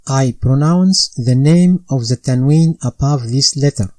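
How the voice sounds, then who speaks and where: A man guiding learners through a recitation lesson, speaking slowly and carefully. His voice is mellow and warm, recorded dry and close with no room sound. He repeats each drill sound twice so that it sinks in. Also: medium pitch, no room sound, rough recording. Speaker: Quran recitation teacher. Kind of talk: step-by-step instructional narration.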